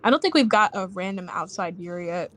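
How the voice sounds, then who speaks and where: A woman's voice: fairly low pitch, lively intonation, quick pace, fairly bright tone. A woman chatting and giggling as a player in a casual tabletop game session.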